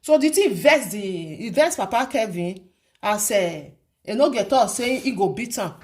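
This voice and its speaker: A woman with a Nigerian accent talks straight to her viewers in a casual commentary vlog. Her voice sits a little high, and she presses her points hard. She repeats herself and keeps asking rhetorical questions. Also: animated, normal speed, darkish tone. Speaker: vlogger.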